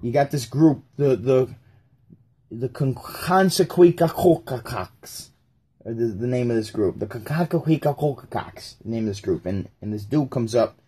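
A man's voice: medium pitch, fairly even intonation, a little fast, hardly any pauses, warm tone, slightly rough. A man hosting a casual livestream, talking in a rambling way and acting out the people in his stories. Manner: rambling, acts out voices of people in anecdotes. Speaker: live-stream host.

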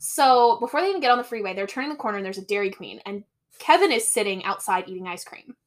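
A woman co-hosting a casual podcast chat, animated and quick to laugh, acting out quotes in put-on voices and swearing freely. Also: medium pitch. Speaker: podcast co-host.

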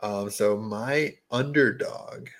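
A man co-hosting a sports podcast in casual chat, talking in halting restarts and laughing easily. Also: lowish voice, creaky. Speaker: podcast co-host.

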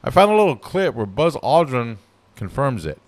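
A man's voice: mid-range voice, very animated, moderate pace. A man hosting a casual podcast chat, speaking loosely and hesitantly. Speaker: podcast host.

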